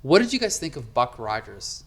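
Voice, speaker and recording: A man co-hosting a podcast, talking in a casual, animated and emphatic way. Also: medium pitch, normal speed. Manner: animated, emphatic, rants with frequent "like". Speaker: podcast co-host. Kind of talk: casual chat.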